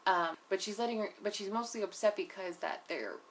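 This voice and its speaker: A woman's voice: medium pitch, a little fast, a little hiss or hum. Chatty, foul-mouthed young woman recapping. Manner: chatty and profane, full of "like" and "you know"; blunt, opinionated asides. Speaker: TV episode reviewer. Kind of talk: casual recap commentary.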